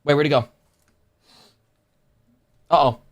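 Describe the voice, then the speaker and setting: A young man live-streaming a haul and unboxing, chatting excitedly with his viewers. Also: a little high, takes it slowly, muffled recording. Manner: excitable, talks to chat.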